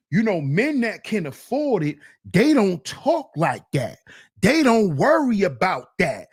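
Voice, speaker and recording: A man hosting a solo commentary show, reacting to a clip with teasing, drawn-out rhetorical questions. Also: high voice, wildly swooping pitch, slightly rough. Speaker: commentary channel host.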